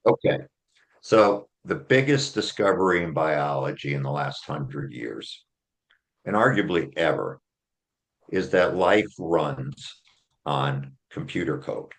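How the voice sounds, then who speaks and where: A man's voice: extremely low pitch, animated, slow, vocal fry. A man, an author and attorney, being interviewed, explaining his argument step by step and checking in with "okay?". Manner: earnest, builds a case step by step with "okay?" check-ins.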